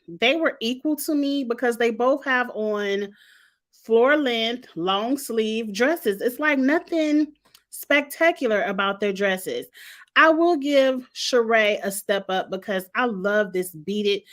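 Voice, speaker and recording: A woman's voice: a little high, lively intonation, slow, a bit bright. A woman in her forties giving sassy, candid commentary in a casual vlog, playfully shady and chatty. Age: 40s. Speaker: vlogger reviewing reality TV fashion.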